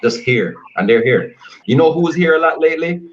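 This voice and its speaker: A man's voice: on the high side, animated, brisk, lo-fi sound. A Jamaican man who is a guest musician on a casual radio interview, talking in an emphatic, repetitive, preaching cadence. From Spanish Town, Jamaica.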